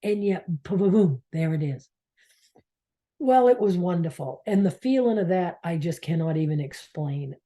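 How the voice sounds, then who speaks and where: A woman's voice: on the low side, animated, moderate pace, dark tone. A woman from Maine telling a heartfelt personal story in a rambling way, sometimes dropping to a near whisper. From Maine, United States. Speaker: spiritual coach, channel host.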